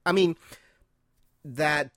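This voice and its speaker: A man's voice: on the high side, very slow, a bit bright, dry recording, studio quality. A man hosting a casual podcast chat, speaking hesitantly and qualifying his points often. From not British. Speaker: podcast host.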